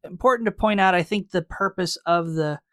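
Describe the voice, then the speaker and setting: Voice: medium pitch, fairly quick, fairly bright tone, no echo, studio quality. A podcast co-host in casual recap chat, laying out fan theories in an analytical, hedging way.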